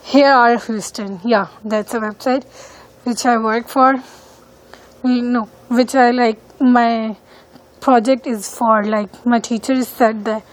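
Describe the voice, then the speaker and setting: A woman's voice: on the high side, fairly even intonation, slow pace, poor audio. A female student speaking English as a second language, talking hesitantly with many fillers while walking outdoors around her neighborhood and filming on a phone. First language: not English. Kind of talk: casual walking-tour vlog.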